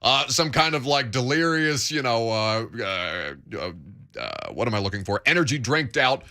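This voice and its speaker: A man's voice: medium pitch, lively intonation, moderate pace, sharp tone. A man hosting a sports radio show, bantering with his guest in a wry, joking way. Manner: wry, dry jokes.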